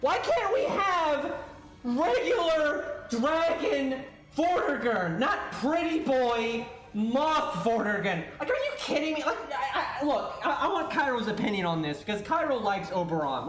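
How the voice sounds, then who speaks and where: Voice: high voice, big pitch swings, unhurried, fairly bright tone. Ranting streamer in a roomy echo. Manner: ranting, swearing, exasperated, stammering restarts. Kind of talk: livestream rant.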